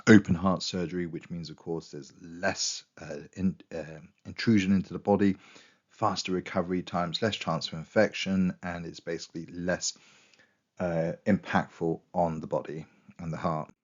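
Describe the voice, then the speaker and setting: Going hoarse as he loses his voice, a very deep-voiced history teacher chats through a revision lesson peppered with quoted asides. He keeps a fairly even intonation at a moderate pace, and the audio is a little dull and muffled.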